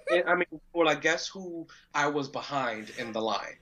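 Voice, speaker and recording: A man's voice: fairly high pitch, lively intonation, moderate pace, bright, forceful tone. A man being interviewed, who tells a story casually, swears freely and acts out what people said. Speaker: professional wrestler guest. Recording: dull lo-fi audio.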